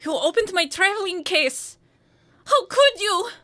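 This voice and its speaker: A woman's voice: very high-pitched, lively intonation, unhurried, pushed and bright, voice pushed up, exaggerated voice. A woman voicing a young Russian stewardess who shrieks accusations, with a put-on Russian accent and rolled R's. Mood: accusing.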